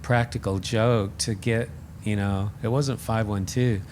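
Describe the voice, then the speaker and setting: A man guest on a podcast, telling a story in a casual, animated and self-deprecating way, acting out the voices he quotes. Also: lowish voice, unhurried, a little hiss or hum. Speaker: podcast guest, radio host.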